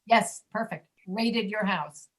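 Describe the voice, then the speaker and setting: A woman teaching an online pronunciation class, stretching out words slowly to model each sound. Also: medium pitch, slightly rough, rough recording. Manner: slow, drawn-out modeling of sounds. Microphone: video call.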